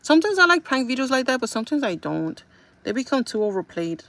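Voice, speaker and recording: A woman's voice: high-pitched, very animated, quick pace, fairly bright tone. Chatty young woman rambling with fillers. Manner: rambling, filler-heavy storytelling with frequent "like". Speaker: vlogger. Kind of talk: casual chat.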